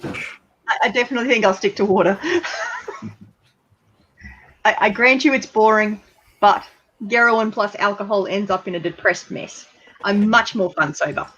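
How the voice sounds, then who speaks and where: A woman hosting a casual livestream chat, talkative and quick to laugh. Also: medium pitch, fairly bright tone, lo-fi sound. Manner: chatty, laughs often. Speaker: livestream host.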